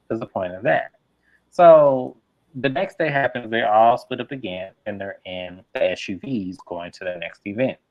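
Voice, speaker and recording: A man's voice: on the low side, no echo. A man reviewing a reality show, ranting bluntly with heavy profanity in a casual recap. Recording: dull lo-fi sound.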